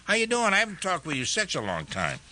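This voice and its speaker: A man's voice: sits high, wildly swooping pitch, fast, bright, forceful tone, no echo. An older man hosting a radio call-in show, chatting in a friendly way with callers. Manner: friendly, chatty, nostalgic storytelling. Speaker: radio host. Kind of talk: casual call-in chat.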